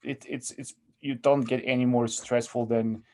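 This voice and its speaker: A man with a Polish accent talks in a relaxed podcast chat, his tone mellow and warm. He often stalls and repeats words, filling gaps with "you know." His pitch sits at an ordinary middle height. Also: normal speed. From Poland. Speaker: guest, sheriff's deputy. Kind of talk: casual podcast interview.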